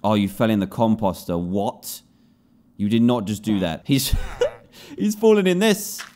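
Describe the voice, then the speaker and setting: Animated man, lively pitch. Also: measured pace. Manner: animated, scolds and pleads with game characters. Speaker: gaming video host. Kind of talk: gameplay commentary.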